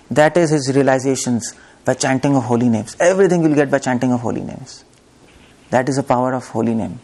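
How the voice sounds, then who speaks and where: A preacher with a medium-pitched, darkish voice delivers a devotional sermon in a lecture hall. He tells a story, acting out its voices, with laughs between his points.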